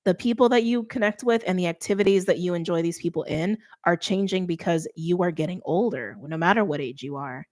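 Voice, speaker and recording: A woman's voice: fairly low pitch, a little fast, few pauses, darkish tone. A middle-aged woman giving a casual tarot reading, chatty and thinking aloud with many fillers. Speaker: tarot reader.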